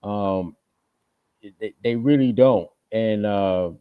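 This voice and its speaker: A man's voice: lowish voice, slow pace, smooth, dry recording. A man co-hosting a podcast, talking bluntly in a heated casual debate. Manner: blunt, laughs off disagreement. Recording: dry, muffled lo-fi audio.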